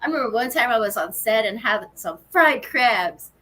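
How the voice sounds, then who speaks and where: A woman's voice: fairly high pitch, animated, moderate pace, fairly bright tone. A woman guest chatting casually in an interview, laughing often and restarting her sentences. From United States. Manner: bubbly, laughs often, many fillers and restarts. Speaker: guest, actress and writer.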